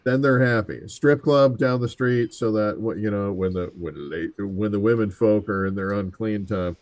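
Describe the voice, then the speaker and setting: Low-voiced man chatting casually. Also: normal speed, darkish tone, no echo. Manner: easygoing, rambling commentary. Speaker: podcast co-host. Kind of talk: casual chat.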